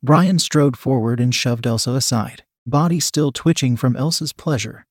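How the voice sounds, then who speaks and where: A man's voice: mid-range voice, moderate pace, breathy edge, dry recording, clean studio sound. A man steadily reading an adult audiobook as narrator.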